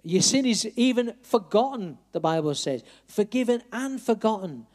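A man's voice: high-pitched, expressive, moderate pace, darkish tone. A man preaching an evangelistic sermon, earnestly appealing straight to his listeners.

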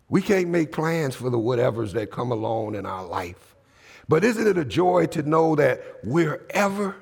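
This pastor's mid-range voice carries vocal fry as it echoes through a large hall. Preaching a Pentecostal sermon in church, he weaves in stories, draws out phrases for emphasis, and prompts the congregation to answer him in call-and-response.

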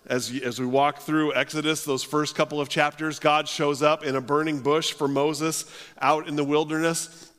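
A man's voice: on the high side, level tone, moderate pace, a bit bright, smooth. A male pastor preaching a sermon in earnest, often restarting his phrases. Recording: long hall reverb.

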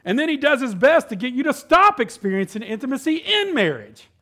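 A man in his thirties preaching a casual sermon. He peppers his talk with "man" and "right?" and slows down to read scripture. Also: very high voice, very animated, bright, forceful tone. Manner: reads scripture slowly and deliberately. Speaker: pastor.

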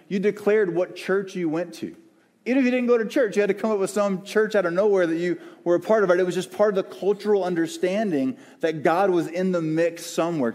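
A man preaching a sermon as the church's pastor, earnest and searching, with pauses and restarts. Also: a little high, a little mellow. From American South. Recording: long hall reverb.

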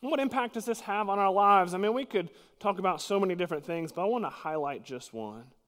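A man preaching a sermon as pastor, earnest and emphatic, dropping suddenly to quiet at times. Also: high-pitched, animated, fast, in a large hall.

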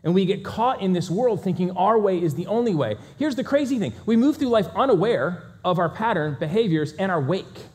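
Fast-talking energetic man speaker. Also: high-pitched. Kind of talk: talk to a live audience.

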